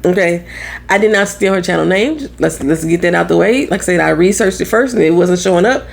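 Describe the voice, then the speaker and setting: Loud, blunt St. Louis woman with gravelly fry. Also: fairly low pitch, a little fast. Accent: Southern-tinged Midwestern American. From St. Louis, Midwest US. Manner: loud, blunt, swears freely, laughs often. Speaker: tarot reader. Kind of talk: casual vlog monologue.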